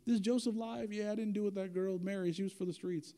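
A man's voice: sits high, fairly even intonation, fast, dark tone. A man voicing a boastful young man who brags about his online life in a smug way. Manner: smug, bragging.

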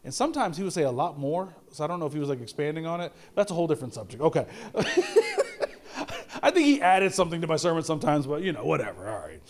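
Middle-aged male pastor, fairly high voice, chatty sermon delivery, rhetorical questions, frequent restarts. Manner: conversational preaching with repeated rhetorical questions and stammered restarts.

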